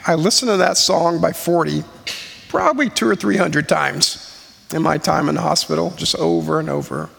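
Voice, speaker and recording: A man in his forties giving a sermon-style personal testimony, earnest and slow with pauses. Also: on the high side, vocal fry, a bit bright, husky. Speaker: speaker sharing testimony. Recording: long hall reverb.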